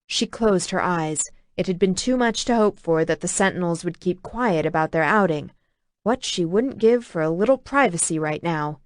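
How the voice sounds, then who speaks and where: A woman narrating an audiobook with a steady, even reading. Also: fairly low pitch, moderate pace, dry recording, studio quality. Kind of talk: scripted narration.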